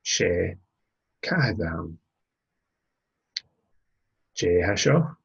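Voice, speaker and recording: Slow, gravelly low-voiced man teaching. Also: fairly bright tone, muffled recording. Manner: slow, patient, repeats phrases for learners. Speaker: language tutor. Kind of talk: recorded language lesson.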